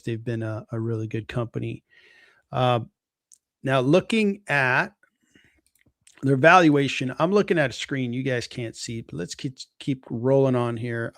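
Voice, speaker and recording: A man's voice: mid-range voice, moderate pace, vocal fry, no echo, studio quality. A man hosting a live stream, walking casually through a company's stock valuation and thinking aloud as he goes. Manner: relaxed, thinking aloud with fillers. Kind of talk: casual stock analysis talk.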